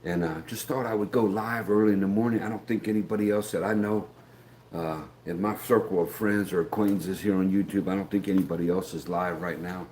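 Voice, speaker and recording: A man's voice: sits low, fairly even intonation, a little fast, darkish tone, a little hiss or hum. A middle-aged American man hosting a casual morning live stream, folksy and rambling, greeting viewers by name. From United States. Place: outdoors, filming on a gimbal. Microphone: handheld camera on a gimbal.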